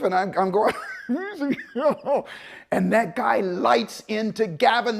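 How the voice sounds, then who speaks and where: A man telling a story as a motivational speaker, animated and conversational. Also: high voice, unhurried, gravelly. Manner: animated, conversational, acts out voices. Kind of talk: storytelling talk to an audience.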